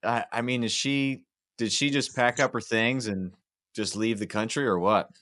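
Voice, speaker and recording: A man's voice: medium pitch, normal speed, a bit bright. A man hosting a podcast, chatting casually and joking with his guest in an upbeat way. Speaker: podcast host.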